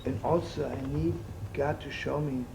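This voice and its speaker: A man gives a sermon, weaving jokes and acted-out voices into his stories. His voice sits a little high and has a gravelly, creaky edge. A faint hiss of room noise runs under the live recording. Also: steady tone, moderate pace. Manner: warm storyteller, acts out voices in his jokes. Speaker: rabbi giving a talk.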